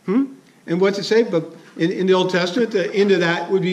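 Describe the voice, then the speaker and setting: A man's voice: high voice, fast talker. A man preaching a sermon as a pastor, conversational and chuckling, asking his listeners questions.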